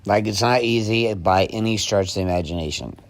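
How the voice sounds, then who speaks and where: A man's voice: on the low side, fairly quick. A man in his thirties, a business owner talking bluntly and frankly in a casual podcast chat, swearing now and then.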